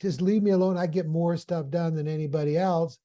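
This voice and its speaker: A man's voice: a little high, steady tone, a little fast, mellow, natural voice. A man voicing a hard-working, hot-tempered male office worker who grumbles about being bothered. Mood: annoyed. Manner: grumbling, irritable.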